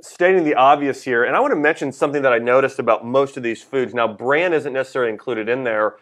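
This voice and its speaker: A man hosting a live health show, explaining practical tips in a clear, step-by-step way. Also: mid-range voice, fast, fairly bright tone. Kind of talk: casual health chat on a livestream.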